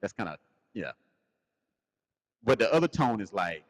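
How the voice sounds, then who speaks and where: Animated man telling stories in a reverberant room. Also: lowish voice, unhurried, long pauses. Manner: animated, defensive, laughs a lot. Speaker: co-host. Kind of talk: casual podcast storytelling.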